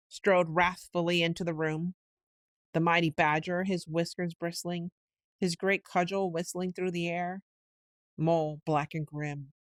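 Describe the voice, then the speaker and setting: A woman giving a slow, unhurried bedtime reading of a storybook, now and then lifting into quick character voices. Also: lowish voice, dry recording. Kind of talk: slow sleep-story narration.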